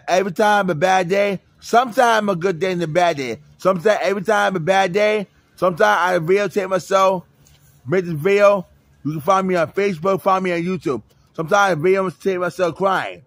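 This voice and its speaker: A man talking in a halting, rambling way, restarting and repeating phrases again and again. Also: sits high, a bit bright, dry recording. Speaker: public access show guest. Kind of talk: rambling personal talk. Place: library center.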